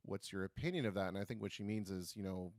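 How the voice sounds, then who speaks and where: A man hosts a live stream, chatting casually and often restarting his sentences as he goes. His voice sits fairly low. The sound is dry and close, with no room around it. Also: a little mellow, dry recording. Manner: chatty, halting, repeats words when starting. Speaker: host of a live stream show.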